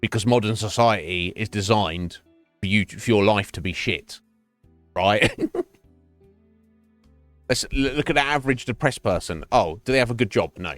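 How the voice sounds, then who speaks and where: A man's voice: fairly low pitch, moderate pace, pauses often, a bit bright, dry recording, soft background music. A man livestreaming a game from home, ranting in casual chat, swearing freely, repeating words and laughing often. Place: home streaming setup.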